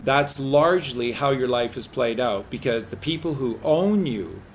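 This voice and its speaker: A man's voice: medium pitch, animated, measured pace, a little hiss or hum. A man co-hosting a community call-in chat, rambling and often restarting and repeating his words. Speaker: co-host.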